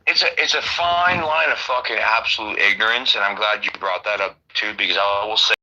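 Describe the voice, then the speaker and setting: A man's voice: fairly low pitch, a little fast, pushed and bright, lo-fi sound. A man in casual chat, rambling and swearing with lots of fillers. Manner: rambling, profane, many fillers.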